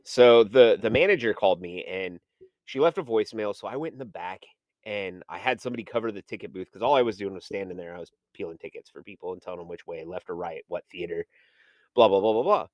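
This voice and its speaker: A man with a fairly low voice tells his story in a loose, rambling way. He fills the gaps with "like" and "um" and acts out the conversations he once had. The sound is dry and close, with no room echo. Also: quick pace, lo-fi sound. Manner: rambling, full of "like" and "um", acts out his own past dialogue. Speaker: podcast guest. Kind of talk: casual storytelling.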